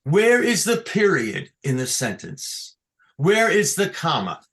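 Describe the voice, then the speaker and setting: A man's voice: a little high, wildly swooping pitch, slow, vocal fry, a bit bright. A man teaching a class on chanting scripture over a video call, explaining patiently step by step and often checking that his students follow. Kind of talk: online lesson on chanting scripture. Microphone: computer mic on a video call.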